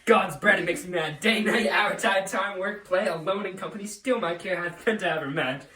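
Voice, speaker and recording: A man's voice: on the high side, animated, a little fast, a bit bright, recorded from a distance. A man playing a furious, domineering nobleman father in an amateur Shakespeare reading, with blustering, theatrical rants. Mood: raging. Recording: roomy echo, off-mic.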